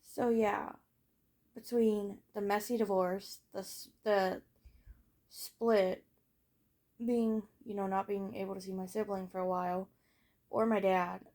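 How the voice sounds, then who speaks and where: A late-teen girl vlogger rambles casually through her life story, packing in fillers and blunt swearing. Her medium-pitched voice has a gravelly fry and little pitch movement; she takes it slowly, pauses often, and lets many sentences fade softly at the end.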